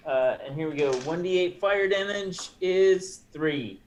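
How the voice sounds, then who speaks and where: Hesitant male player, slightly high voice. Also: unhurried, slight background noise. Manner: hesitant, many ums. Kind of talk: casual tabletop play.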